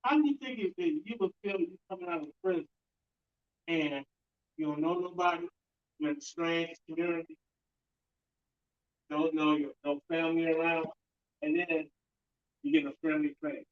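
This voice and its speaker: A man's voice: a little high, steady tone, moderate pace, pauses often, muffled recording. A man speaking earnestly to a conference audience, pleading with them. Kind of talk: speech to an audience.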